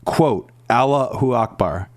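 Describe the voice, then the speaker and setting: A man talking in a casual political discussion, earnest and halting, with many ums and restarts. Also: medium pitch, expressive, dry recording, clean studio sound.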